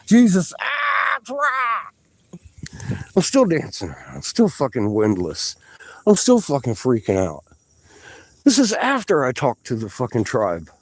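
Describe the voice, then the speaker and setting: Excitable, swearing man with a mellow voice. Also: medium pitch, normal speed, slightly rough, dry recording, rough recording. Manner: profane, rambling, bursts of excitement. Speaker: amateur researcher vlogging a dig. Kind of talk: excited off-the-cuff commentary. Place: outdoors, down in a dug sand pit.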